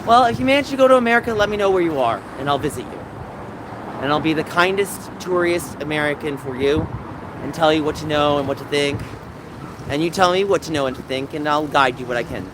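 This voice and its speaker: Rambling man streaming from a noisy street. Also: fairly high pitch. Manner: rambling, talks back to chat viewers. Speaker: livestream host. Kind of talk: casual chat with live chat. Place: outdoors on a city street. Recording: noisy outdoor street recording.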